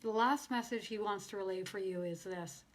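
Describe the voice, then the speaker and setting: A woman medium channeling messages live, emotional and near tears, swinging from bubbly laughter to soft hushed tones. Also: mid-range voice, normal speed. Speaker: spiritual medium.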